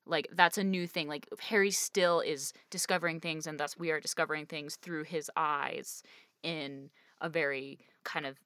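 A woman with a slightly low voice co-hosts a casual book podcast. She talks fast and loose, leaning on "like" and "kind of". The sound is dry and close, with no room echo. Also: fairly even intonation, a bit bright, clear, resonant tone. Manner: chatty, many fillers like "like" and "kind of". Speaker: podcast co-host.

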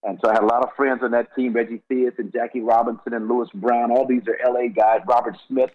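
A man's voice: medium pitch, level tone, fast talker. A man in his sixties from Los Angeles, a former college basketball player, telling stories as a radio guest, rambling with many repeated words and restarts. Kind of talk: casual radio interview storytelling. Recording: dull lo-fi radio audio.

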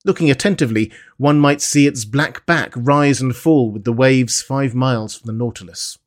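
A man's voice: mid-range voice, moderate pace. Man narrating a classic novel. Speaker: audiobook narrator.

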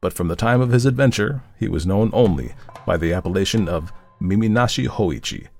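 Hoarse male podcast narrator, deep and gravelly, measured and solemn. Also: animated, a little mellow, faint music behind. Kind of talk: scripted story narration.

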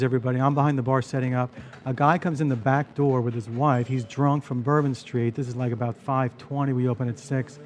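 A man spins a bar story in casual conversation. He talks at an easy middle pitch, restarts his sentences often and gets animated. Faint room noise sits behind him. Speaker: bartender and storyteller.

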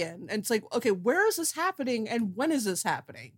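A woman's voice: a little high, sing-song, fast, few pauses. A woman co-hosting a podcast, picking apart a movie's plot holes in an incredulous, chatty way. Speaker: podcast co-host. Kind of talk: comedic movie discussion.

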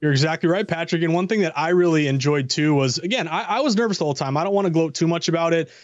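A man's voice: a little high, quick pace, no room sound, dull audio. A man, a sports betting analyst, talking eagerly and self-deprecatingly as a guest in a casual chat.

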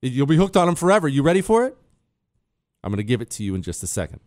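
A man's voice: mid-range voice, sing-song, fast, a little mellow, no room sound. A man hosting a radio talk show, boasting in a joking way and teasing his producer, speaking into a studio mic. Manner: brash, self-mocking, jabs at an off-mic producer. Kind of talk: boastful comedic monologue. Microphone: studio microphone.

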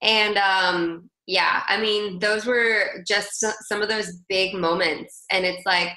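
A woman's voice: medium pitch, fairly even intonation, takes it slowly, pushed and bright, reverberant, rough recording. A woman guest chatting animatedly in an interview, telling stories with lots of "like". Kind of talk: casual conversational storytelling.

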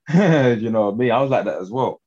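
A man's voice: medium pitch, animated, unhurried, warm tone, breathy edge, highs cut off. A young English man talking as a guest fighter in a casual interview, laid-back and slangy, often laughing.

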